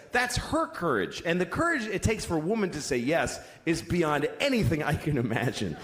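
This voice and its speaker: A man's voice: sits high, fairly bright tone, roomy sound. A man doing stand-up in a musing tone that builds to emphatic outbursts. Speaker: stand-up comedian. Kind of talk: stand-up routine.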